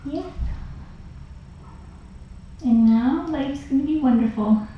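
A woman fostering cats, talking in soft cooing baby talk as she says goodbye to a cat. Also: high-pitched, slow pace, highs cut off. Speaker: cat rescue foster carer. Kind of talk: casual talk on a live cam. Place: indoor room with a cat. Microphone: fixed room camera far off. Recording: echoey room, distant mic, faint hiss.

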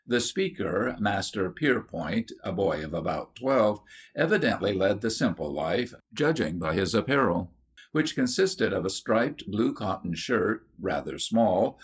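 A man narrating a children's story from an audiobook in a measured storytelling manner. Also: fairly low pitch. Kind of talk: scripted narration.

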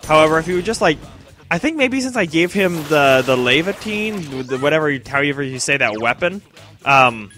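A young man rambles through his gameplay in a loose, joking way. His voice is bright and crisp and sits a bit high. It swings up and down freely as he talks back to the characters on screen. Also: sing-song, fairly quick, soft background music. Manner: chatty, self-mocking, talks to game characters. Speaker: let's play commentator. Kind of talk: casual gameplay commentary.

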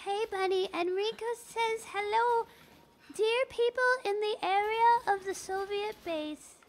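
A woman putting on a goofy, squeaky, sing-song voice, drawing out her words. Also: unhurried, a little mellow.

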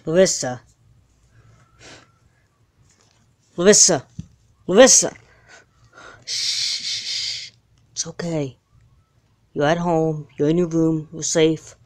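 A woman voicing a patient, busy mother who speaks calmly and reassuringly in a doll film. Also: on the low side, normal speed, close to an everyday voice. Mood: soothing. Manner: calm, soothing reassurance.

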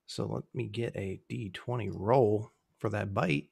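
Gravelly relaxed man running the game. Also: lowish voice, measured pace. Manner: relaxed, laughs often, fumbles numbers. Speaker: game master. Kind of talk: running a tabletop game over a call.

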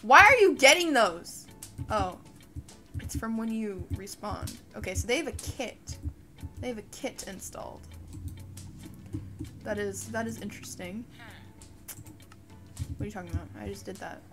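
A young woman giving casual commentary over a game, frustrated and swearing, with sudden shouted outbursts. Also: medium pitch, lively intonation, unhurried, long pauses. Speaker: gaming YouTuber. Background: faint background music.

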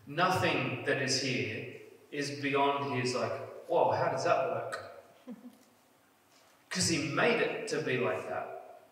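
Pastor, male, mid pitch, earnest sermon delivery, picked up from some way off in a very echoey hall. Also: takes it slowly, a bit bright. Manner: earnest, builds emphasis on key phrases. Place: church hall. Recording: echoey church hall, mic at a distance.

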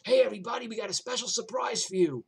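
A man playing a big, friendly, tough club owner who talks in a gruff, streetwise way. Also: high voice, quick pace, pitched above the performer's own voice, exaggerated voice. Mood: announcing.

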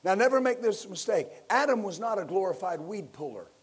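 A man preaching a sermon as pastor, building to loud emphatic bursts and leading his listeners in call-and-response. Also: high-pitched, animated, brisk, husky.

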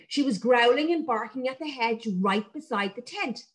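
Woman, children's storyteller, expressive read-aloud, fairly high voice, lively melodic delivery. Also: normal speed.

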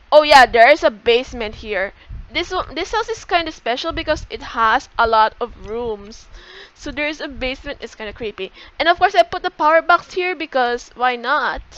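High-voiced, excitable young woman gamer. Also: highs cut off. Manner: chatty, excitable, gasps and self-corrections. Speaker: gaming YouTuber. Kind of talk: casual game walkthrough.

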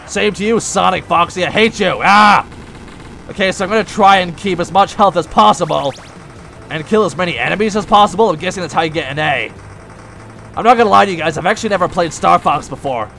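A young man giving casual gameplay commentary, breaking into frustrated, yelling outbursts at the game. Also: high voice, quick pace, vocal fry, a little hiss or hum. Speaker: let's play gamer.

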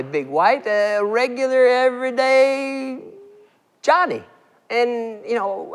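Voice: medium pitch, fairly bright tone. A performer voicing Johnny, a curious everyday male puppet asking eager questions in a children's church skit. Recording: long hall reverb.

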